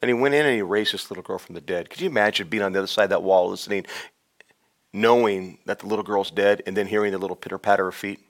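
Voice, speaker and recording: A man preaching a sermon on a podcast, swinging between loud urgent exhortation and hushed, intimate storytelling. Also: lowish voice, fast. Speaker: pastor. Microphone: podcast microphone.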